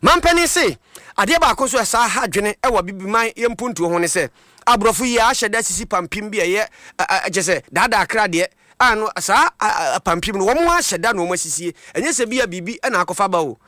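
Quick high-voiced male news reporter. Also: expressive, bright, forceful tone, dry recording, studio quality. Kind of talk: news voice-over.

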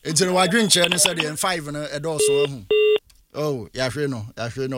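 A man with a Ghanaian accent hosting a radio phone-in, briskly inviting listeners to call in. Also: a little high, a bit bright. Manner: brisk, reads out phone numbers and invites callers. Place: radio studio.

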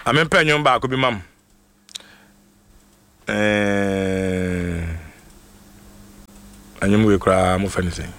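A man with a Ghanaian accent hosting a radio show, reading out shout-outs in a playful, excitable way. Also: fairly low pitch, slow pace, pauses often. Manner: excitable, playful, jokes and laughs between names. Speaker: radio host.

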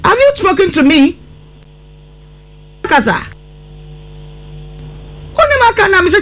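A woman's voice: very high voice, big pitch swings, normal speed, long pauses, fairly bright tone. A woman hosting a call-in radio show, talking in a scolding, emphatic way.

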